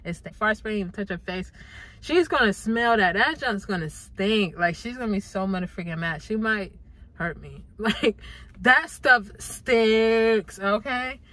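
A woman's voice: medium pitch, animated, normal speed, fairly bright tone, rough recording. A young adult woman talking casually and playfully to her viewers in a vlog, with lots of slang and swearing. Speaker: YouTuber.

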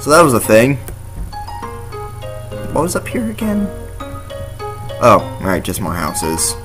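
A man's voice: mid-range voice, wildly swooping pitch, slow, a bit bright, soft background music. A man hosting a let's play, giving casual gameplay commentary with wry asides to himself.

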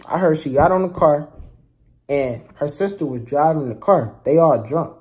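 Heated young man with a dark voice. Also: fairly high pitch, normal speed. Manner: heated, slangy, profane, addresses viewers directly. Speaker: vlogger telling a story. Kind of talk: casual storytime rant.

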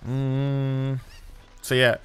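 A man's voice: medium pitch, completely flat delivery, very slow, clean tone. A man streaming a video game, giving casual commentary as he plays, muttering to himself and swearing at the game.

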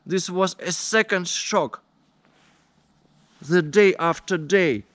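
Man, indignant vlog rant, unhurried delivery, fairly high voice. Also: a bit bright, dry recording. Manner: indignant, deliberate storytelling. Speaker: vlogger. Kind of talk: complaining vlog monologue.

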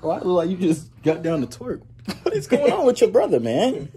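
Animated young man teasing his friends. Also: high voice, moderate pace. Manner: teasing, laughing often, playful. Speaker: vlogger host. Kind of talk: casual vlog banter. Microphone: phone camera.

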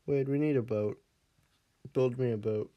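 A man's voice: medium pitch, unhurried, highs cut off. A man casually commenting on his game as he plays, laughing often and scolding his pet dog in the game before fussing over him. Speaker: Minecraft let's player.

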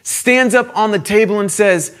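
Animated young male youth preacher. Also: high-pitched, moderate pace. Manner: animated, swings from loud to hushed. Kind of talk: sermon storytelling.

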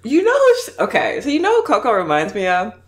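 A woman's voice: on the high side, wildly swooping pitch, fast talker. A woman mukbang YouTuber chatting casually and effusively while reacting to video clips, laughing often.

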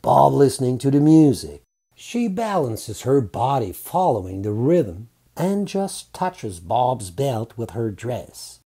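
A man narrating a romantic audiobook in a calm, unhurried reading. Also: medium pitch, husky.

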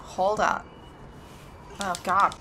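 A woman's voice: mid-range voice, level tone, drawn-out words, sharp tone, slight background noise. A woman casually commentating a game, chatty and jokey, talking back to the characters. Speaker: let's play host.

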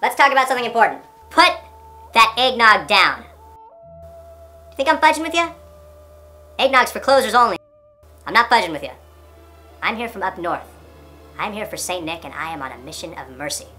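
A woman's voice: medium pitch, very animated, brisk, pauses often, bright, forceful tone, soft background music. A woman playing a brash, abusive male sales boss from the North Pole in an amateur comedy parody, swaggering and berating.

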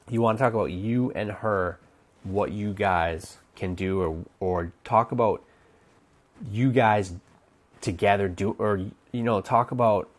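Man, dating coach, lowish voice, casual advice, rambling, thinking aloud. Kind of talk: casual instructional talk.

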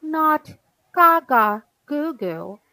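A woman's voice: on the high side, very animated, takes it slowly, no room sound, exaggerated voice, poor audio. A woman voicing a bossy, demanding little girl in a storybook reading. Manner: insistent, complaining, bossy.

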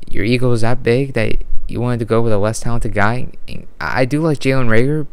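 Frustrated man ranting, smooth voice. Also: medium pitch, darkish tone. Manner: frustrated, rambling, restarts often. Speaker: sports vlogger. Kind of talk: unscripted rant. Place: indoors at home late at night.

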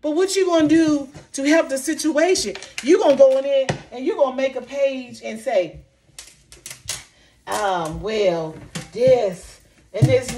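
Lady venting on her channel, kinda high voice, upset, repeats herself a lot, faint noise behind. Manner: impassioned, repeating herself, voice dropping low and soft when recalling hurt. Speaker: vlogger. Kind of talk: emotional commentary vlog.

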